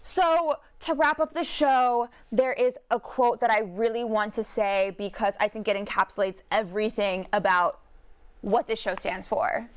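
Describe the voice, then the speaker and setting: A young woman with a high, bright voice co-hosts a relaxed show. She talks in an animated, chatty way, laughs a lot, and bounces between excitement and sincere thanks. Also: normal speed, clear, resonant tone. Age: young adult. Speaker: co-host. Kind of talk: casual talk show chat. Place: campus studio.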